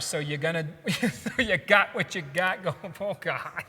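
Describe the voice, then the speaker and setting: A man's voice: high-pitched, big pitch swings, moderate pace, pushed and bright, husky. A man hosting a casual podcast, joking and laughing often as he reads memes aloud. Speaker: podcast host. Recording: long hall reverb.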